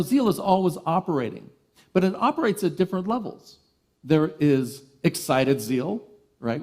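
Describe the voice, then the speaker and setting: A man giving a sermon as a reverend, animated and playful, telling lively stories. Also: medium pitch.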